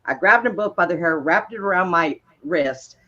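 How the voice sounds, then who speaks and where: A woman's voice: fairly low pitch, normal speed. Woman laughing thru her old job stories, kinda muffled lo-fi sound. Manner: laughs often, animated retelling. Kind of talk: casual storytelling. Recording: dull lo-fi sound.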